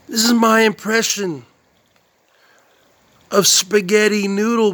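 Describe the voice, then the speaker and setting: A man from New Jersey who hosts comedy videos, setting up an impression with a deadpan delivery. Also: high voice, takes it slowly, pauses often, no room sound.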